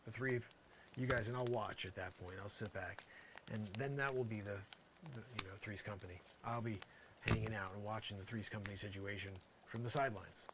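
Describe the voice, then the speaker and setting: A man's voice: on the low side, fairly quick, noisy background. A man hosting a live show, delivering an improvised comedy monologue in a rambling, mock-aggrieved way, full of "you know".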